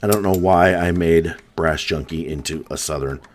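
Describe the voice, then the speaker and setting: Deep-voiced, chatty live streamer. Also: male voice, moderate pace, slight background noise. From US East Coast. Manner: chatty, answers viewer comments one by one. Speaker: coin roll hunting live streamer. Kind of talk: casual live-stream chat.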